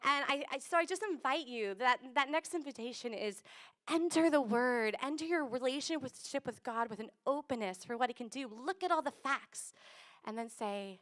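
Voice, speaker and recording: High-voiced woman pastor preaching casually. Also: moderate pace. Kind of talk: sermon. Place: church service streamed on video call. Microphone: video call.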